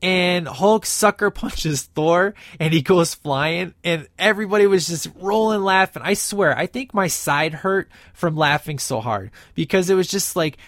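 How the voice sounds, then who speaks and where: A man's voice: sits high, measured pace, few pauses, fairly bright tone, dry recording, studio quality. A man giving a casual, enthusiastic movie review, rambling with many fillers and restarts.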